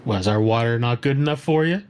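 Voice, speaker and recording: A man's voice: medium pitch, brisk, a little mellow, clear, resonant tone, faint music behind, close to an everyday voice. A man voicing a curt, dismissive male village barkeep in a tabletop game. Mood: grumpy.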